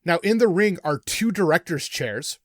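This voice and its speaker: Man game master, tabletop narration, slightly high voice, dry close mic, halting. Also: lively intonation, no room sound. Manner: hesitant, full of fillers.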